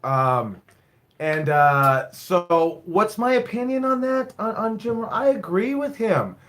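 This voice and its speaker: This wrestling school owner and head coach, a man in his forties, has a high, animated, somewhat bright voice and speaks slowly. On a casual live stream he rambles through stories bluntly, swearing freely.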